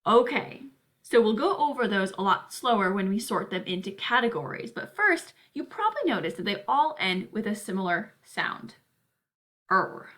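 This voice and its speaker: A woman teacher giving a recorded spelling lesson to students, speaking in a clear, deliberate way. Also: mid-range voice, sing-song, fairly bright tone.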